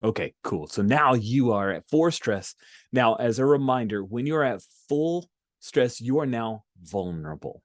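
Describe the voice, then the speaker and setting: A man's voice: mid-range voice, lively intonation, a little slow, no room sound, clean studio sound. A man running a tabletop role-playing game, casual and checking in with his players. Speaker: game master.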